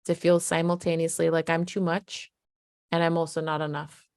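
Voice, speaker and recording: A woman's voice: sits low, little pitch movement, moderate pace, darkish tone, clean tone, dry recording, studio quality. A middle-aged woman, a parenting coach, explaining earnestly in a conversational way. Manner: earnest, conversational, often acts out quoted voices. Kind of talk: explanatory talk to camera.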